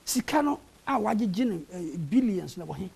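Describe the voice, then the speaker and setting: Panelist, raspy with gravelly edges, argumentative and insistent. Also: medium pitch, big pitch swings, brisk, darkish tone. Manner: argumentative, mixing Twi and English. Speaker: panel guest. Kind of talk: heated political debate. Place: television studio.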